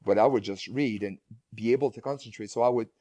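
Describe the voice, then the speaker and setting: A man's voice: medium pitch, fast talker, warm tone, no echo. A man talking casually as a guest speaker in an interview, speaking with frequent restarts and repeated words. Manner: rambling, many restarts and repeated words, laughs often.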